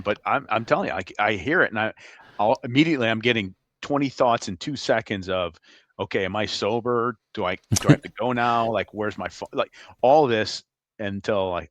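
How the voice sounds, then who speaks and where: A middle-aged man with a low voice tells lively, laughing stories from his career. He sounds close to the mic, with a dry sound and no room echo. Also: a little fast. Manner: animated, laughing anecdotes. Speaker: retired FBI agent, guest. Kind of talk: casual storytelling interview.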